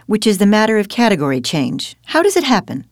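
A woman's voice: mid-range voice, sing-song, fast talker, no echo, clean studio sound. A woman in a scripted teaching dialogue who leads by asking questions and correcting her partner. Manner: quizzing, leading with questions.

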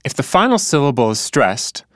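A man acting as the learner in a scripted lesson dialogue, answering in a relaxed way with hesitations. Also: mid-range voice, moderate pace, no echo, clean studio sound. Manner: relaxed, thinks aloud with hesitations.

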